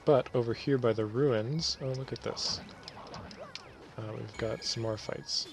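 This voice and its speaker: A man's voice: medium pitch, measured pace, music in the background. A man giving casual, rambling commentary over a video game, often correcting himself as he goes. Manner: relaxed, rambling, self-correcting. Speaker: let's play host.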